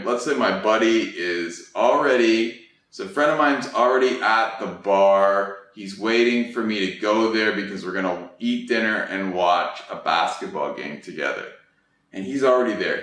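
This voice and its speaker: A man's voice: fairly low pitch, moderate pace, a bit bright. A young adult man teaching an English lesson in a casual, chatty way, acting out quoted reactions as he explains. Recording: echoey room, distant mic.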